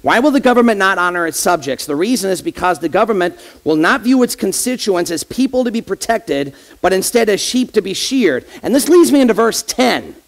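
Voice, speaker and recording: Gravelly associate pastor preaching. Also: male voice, high voice, animated, a little fast, hardly any pauses. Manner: conversational, addresses the congregation directly with rhetorical questions. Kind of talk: sermon.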